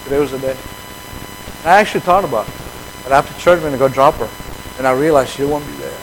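A man preaching a conversational sermon to his fellowship, switching between quiet reflection and animated acted-out dialogue. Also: medium pitch, fast, slight background noise, rough recording.

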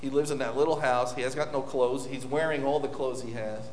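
A man's voice: mid-range voice, fairly even intonation, brisk, darkish tone, a little hiss or hum. Man preaching in a reverberant hall. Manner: informal, anecdotal, with many restarts. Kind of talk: conversational sermon. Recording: echoey hall with long reverb.

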